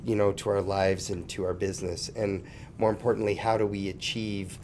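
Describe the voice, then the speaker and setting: A man co-hosting a casual podcast, steering the talk and musing aloud between fillers. His voice sits on the low side. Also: little pitch movement, normal speed, a little mellow, slight background noise. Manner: prompting, conversational, with fillers. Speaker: podcast co-host.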